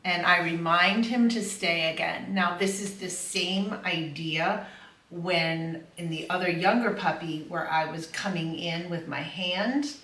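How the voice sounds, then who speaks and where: A middle-aged woman dog trainer explaining puppy training in a calm, affirming voice. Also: fairly low pitch, a little slow. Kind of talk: instructional voice-over. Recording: echoey room, from far off, faint noise.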